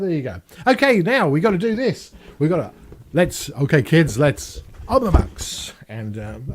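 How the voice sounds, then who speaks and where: A man in his fifties from England hosting a casual Q&A vlog from a small home studio, chatting in a rambling, self-mocking way. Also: sits high. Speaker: YouTube channel host.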